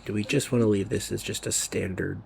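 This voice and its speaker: A man's voice: on the low side, fairly even intonation, fairly quick, creaky, a little mellow, a little hiss or hum. A man giving rambling, casual commentary over gameplay, sometimes dropping to a near whisper. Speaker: gaming video creator.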